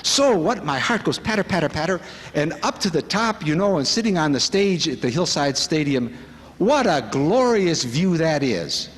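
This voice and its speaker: A man gives a spiritual talk in a large conference hall, his fairly high voice swinging widely as he builds to fervent, exclamatory questions. A long reverb trails every phrase and carries it across the room. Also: animated, brisk, a bit bright. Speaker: speaker at a spiritual retreat.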